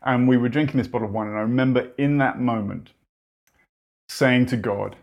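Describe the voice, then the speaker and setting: Male preacher, gravelly texture, mid-pitched, earnest and conversational with dry humor. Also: fairly even intonation, moderate pace, a little mellow, highs cut off. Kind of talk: sermon.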